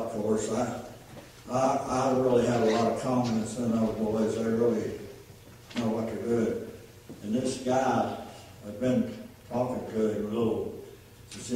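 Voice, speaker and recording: A man's voice: mid-range voice, mellow, slight background noise. An older man gives an informal, folksy sermon full of plainspoken stories, as a lay preacher in a church. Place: church sanctuary. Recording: echoey church from far off.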